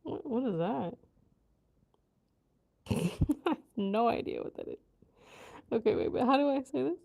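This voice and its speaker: High-voiced giggly woman sounding out words. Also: huge pitch swings, a little slow, gravelly, a little mellow. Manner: giggly, sounding out new words aloud, muttering to herself. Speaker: vlogger learning a language. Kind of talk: casual learning vlog.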